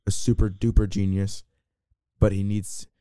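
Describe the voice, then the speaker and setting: A man's voice: on the low side, little pitch movement, a little slow, mellow, clear, resonant tone, dry recording, clean studio sound. A young man co-hosting a podcast, chatting casually about a movie, rambling with many restarts and playful banter. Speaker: podcast co-host. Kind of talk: casual movie review chat.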